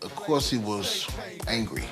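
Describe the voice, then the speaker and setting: A man's voice: lowish voice, sing-song, unhurried, over music. A man speaking earnestly in a documentary interview about a local rapper.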